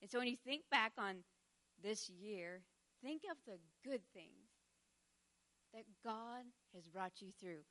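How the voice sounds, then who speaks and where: A woman's voice: mid-range voice, animated, takes it slowly, sharp tone. A middle-aged woman teaching in church, conversational and heartfelt, laughing often between thoughts.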